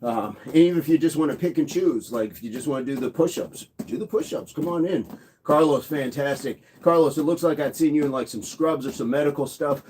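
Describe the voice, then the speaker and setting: A man hosting a daily live workout stream, counting reps out loud while exercising and chatting with viewers by name. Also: a little high, a little fast, few pauses, slight background noise. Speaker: fitness livestream host. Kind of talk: live workout coaching and chat.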